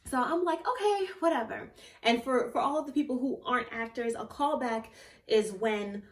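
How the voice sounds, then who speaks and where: A young woman, a theatre actor, telling a personal story in a casual vlog, animated and often laughing or squealing with excitement. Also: on the high side, moderate pace. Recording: echoey room, voice a bit far from the mic.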